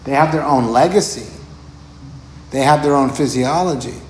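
A man's voice: medium pitch, moderate pace, darkish tone. Man giving a casual dharma talk. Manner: conversational, repeats words, chuckles often. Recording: roomy echo, faint background noise.

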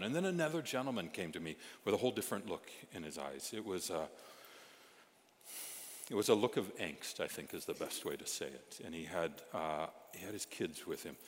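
Middle-aged male preacher, deep voice, animated storytelling that jumps from loud to hushed, church hall with long reverb. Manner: animated, swings from loud exclamations to hushed asides. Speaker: pastor. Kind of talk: storytelling sermon. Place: church sanctuary.

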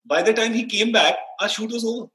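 Indian english man, sports anchor, high bright voice, animated storytelling, echoey room. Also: brisk. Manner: animated anecdotes, acts out quotes, laughs often. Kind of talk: casual storytelling interview.

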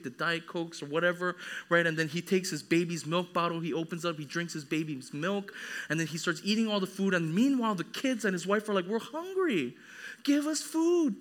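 A young man preaching a sermon as a pastor, animated, acting out quoted voices. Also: on the high side, fairly quick.

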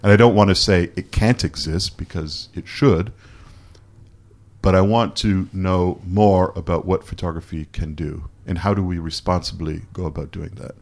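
A man from Canada being interviewed, talking candidly and haltingly, restarting his sentences as he questions himself. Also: deep voice, vocal fry, darkish tone. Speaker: photographer guest. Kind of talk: casual interview conversation.

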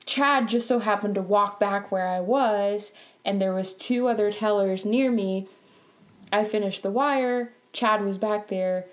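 A young woman recounting a frustrating day at work in a chatty storytime vlog. She sounds animated and exasperated, laughs often, and her voice jumps up in pitch whenever she gets worked up. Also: unhurried. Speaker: bank teller telling a work story. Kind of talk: storytime vlog, casual chat.

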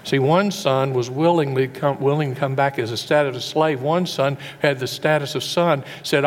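A man's voice: mid-range voice, fairly even intonation, moderate pace. A middle-aged male pastor preaching a sermon, folksy and full of rhetorical questions to the congregation.

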